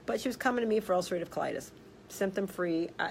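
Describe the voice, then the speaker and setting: A woman health practitioner telling a story in a casual vlog, blunt and animated, swearing freely. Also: on the low side, quick pace, creaky, slight background noise, poor audio. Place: office.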